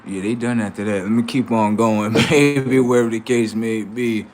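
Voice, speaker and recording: Low-voiced man rambling on a livestream. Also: fairly even intonation, moderate pace, darkish tone, a little hiss or hum. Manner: rambling, murmured asides to viewers, slangy. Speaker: livestream host. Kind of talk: casual livestream monologue.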